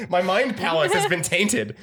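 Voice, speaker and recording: A man's voice: high-pitched, animated, measured pace, background noise. A man co-hosting a comedy podcast, joking crudely and reading out odd news stories. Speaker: podcast co-host. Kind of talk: casual comedic chat.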